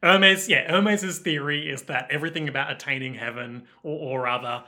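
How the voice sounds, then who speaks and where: Bright-voiced man joking through a recap. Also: on the high side. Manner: joking, retells scenes with quick quoted voices. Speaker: podcast co-host. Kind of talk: casual comedic recap chat.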